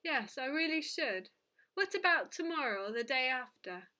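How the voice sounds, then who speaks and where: A tired man perks up and promises eagerly in a raised, bright voice, played by a woman reading a storybook. His tone stays reassuring and forceful. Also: high-pitched, sing-song, normal speed, heavily acted. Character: weary, cheered-up adult man making promises.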